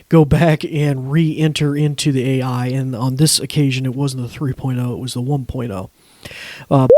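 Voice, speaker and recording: A man's voice: on the high side, a little mellow, no echo. A man hosting a tech podcast, talking in a loose, casual way with restarts. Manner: loose, restarting, chuckling commentary. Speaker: podcast host.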